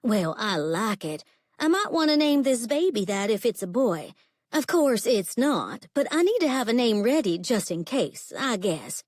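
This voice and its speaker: A woman voicing a bubbly, pregnant young ranch woman with a chirpy, high drawl. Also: very animated, measured pace, no echo, studio quality.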